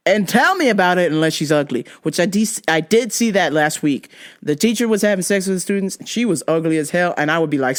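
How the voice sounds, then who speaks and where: A woman hosting a comedy podcast, swearing freely and laughing often as she tells stories. Her pitch jumps around a lot while she acts out both sides of each exchange. Her tone stays casual and animated. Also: normal speed. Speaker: podcast host.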